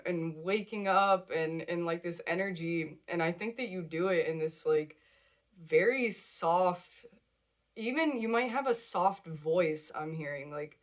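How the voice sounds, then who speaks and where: Chatty emotional woman reading tarot. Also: lowish voice. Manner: chatty, emotional, repeats words, laughs often. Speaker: tarot card reader. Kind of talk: casual tarot reading to camera.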